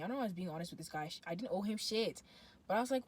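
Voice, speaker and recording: A woman, telling a dating story to camera in a lively, slangy, dramatic way. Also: fairly low pitch, racing, poor audio. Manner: animated, slangy, dramatic retelling. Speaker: vlogger. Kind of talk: storytime monologue.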